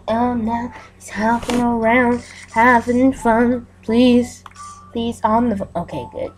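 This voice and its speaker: A woman's voice: fairly high pitch, level tone, slow, soft background music. A woman giving casual, chatty commentary as she plays a game, often giggling. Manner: chatty and giggly, narrating aloud. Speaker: gameplay video host.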